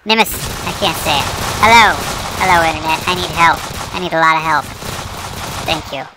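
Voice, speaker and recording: A woman's voice: deep voice, fairly even intonation, brisk, background noise. A woman giving casual commentary while she plays a shooter game, chatty and poking fun at herself as she talks to her viewers. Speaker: gamer. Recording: game music playing behind. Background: music and gunfire.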